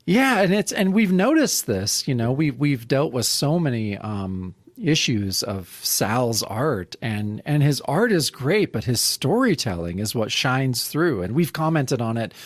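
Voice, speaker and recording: A man co-hosting a comic-book podcast with a lively, swooping voice. He talks with emphatic praise, and the recording sounds close and dry. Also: mid-range voice, a little slow, hardly any pauses, no room sound. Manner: emphatic, praising, animated delivery. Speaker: podcast co-host. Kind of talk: casual comic-book discussion.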